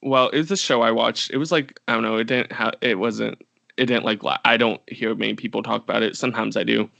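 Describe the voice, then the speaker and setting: A man's voice: mid-range voice, steady tone, quick pace, vocal fry, sharp tone, no echo. A young man co-hosting a podcast, telling a long story in casual chat with lots of fillers and restarts. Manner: rambling, many fillers and restarts. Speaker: podcast co-host.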